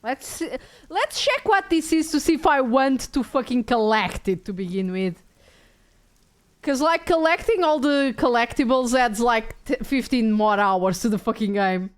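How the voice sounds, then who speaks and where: A woman's voice: on the high side, expressive, moderate pace. A woman from Portugal, chatting casually and swearing as she streams a game. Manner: casual, swears, thinks aloud while playing.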